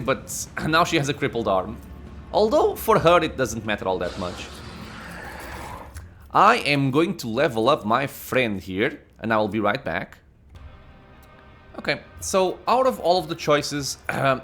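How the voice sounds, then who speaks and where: Chatty man with lively pitch. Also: moderate pace, soft background music. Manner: chatty, thinks aloud with many "uh"s, laughs at himself. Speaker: let's play host. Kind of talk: casual gameplay commentary.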